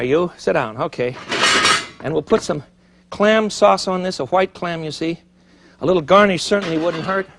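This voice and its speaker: Lively, chatty man hosting a TV cooking show. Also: on the high side, vocal fry, a little hiss or hum. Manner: chatty, animated, thinks aloud while cooking. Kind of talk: TV cooking demonstration. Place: TV studio kitchen. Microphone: broadcast mic.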